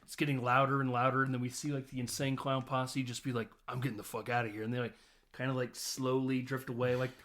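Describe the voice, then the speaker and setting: A man recounts a film scene by scene in loose, profane chat. He laughs often and drops into quick quoted lines as he goes, at a middle pitch. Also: flat delivery, fairly bright tone. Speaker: podcast host. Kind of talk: casual film recap.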